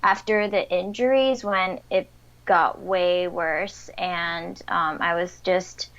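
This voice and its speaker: A woman's voice: on the low side, steady tone, takes it slowly, a bit bright, highs cut off. A young woman answering interview questions in a chatty, upbeat way, with fillers and light laughter. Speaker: interviewed athlete.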